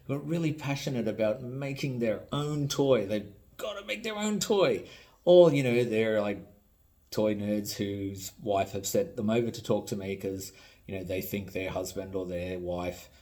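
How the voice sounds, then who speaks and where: A fairly low-voiced Australian man rambles through a casual vlog rant. He is blunt, sarcastic and profane, and he sounds worn out after a day at work. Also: darkish tone. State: tired. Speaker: toy maker and vlogger. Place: home.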